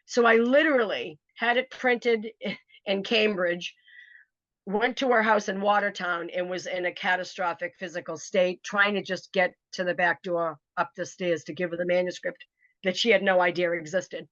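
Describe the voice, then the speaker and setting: A woman telling a personal story in a casual interview, animated and acting out what other people said. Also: lowish voice, normal speed, no echo. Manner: animated, acts out quoted voices. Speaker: author telling her story. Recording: dry, slightly dull recording.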